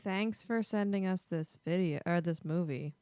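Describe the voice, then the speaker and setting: A woman's voice: lowish voice, normal speed, warm tone, clean tone, dry recording, studio quality. A woman co-hosting a live show, teasing and laughing as she reads viewer comments. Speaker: co-host. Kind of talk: casual chat reading viewer comments.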